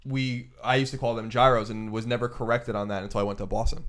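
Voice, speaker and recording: New guy rattling off quick blunt opinions on a podcast, mid pitch. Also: level tone, a bit bright. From Long Island, New York. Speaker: podcast co-host. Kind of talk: casual chat.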